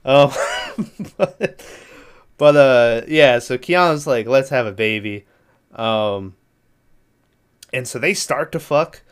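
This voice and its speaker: A man's voice: medium pitch, lively intonation, takes it slowly, pauses often, smooth. A man casually recapping a movie plot in a rambling, profane way, laughing now and then. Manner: rambling, profane, laughs through his retelling.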